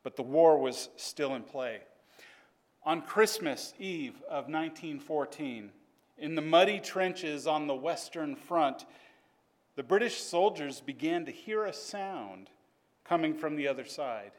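Guy telling his class a story, voice on the higher side, earnest and measured. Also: lively intonation.

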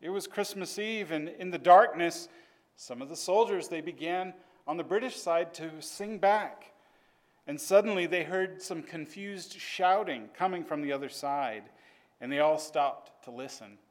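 A man telling a story to a class in an earnest, measured way. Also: fairly high pitch.

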